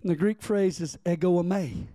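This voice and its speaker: A man's voice: high-pitched, normal speed, mellow, no echo. A man preaching a sermon as pastor, reading scripture and calling on the congregation to respond.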